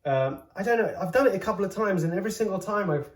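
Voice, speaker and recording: A man hosting a casual cooking vlog from his home kitchen, joking around and exclaiming loudly as he tastes. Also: sits high, lively intonation, fast talker. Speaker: host, comedian cooking at home. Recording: roomy kitchen sound. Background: faint background music.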